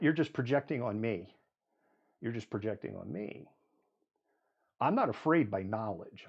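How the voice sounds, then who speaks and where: A man's voice: mid-range voice, a little mellow, muffled recording. Man reeling off statistics on a live show. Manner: reels off statistics with frequent fillers. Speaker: host of a live news show. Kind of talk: live news commentary.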